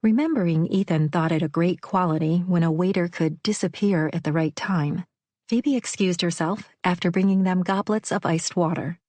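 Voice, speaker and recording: A woman reads a romantic novel aloud in a measured storytelling voice. Her pitch sits on the low side for a woman. The recording is dry and close, with no room sound at all. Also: a little mellow, no echo. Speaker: audiobook narrator. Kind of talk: scripted narration.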